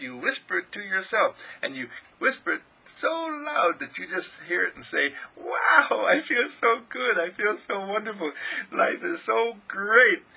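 A raspy, gravelly male minister preaches with a forceful, tense edge. His delivery is animated and lively, swinging up and down in pitch as he acts out a joyful inner voice. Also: poor audio. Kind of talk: recorded inspirational sermon.

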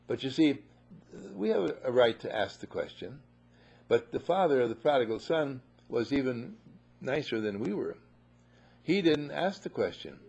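A man preaching a sermon to a live audience, animated, acting out voices and often saying "you see", heard on a muffled lo-fi recording. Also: mid-range voice, breathy edge.

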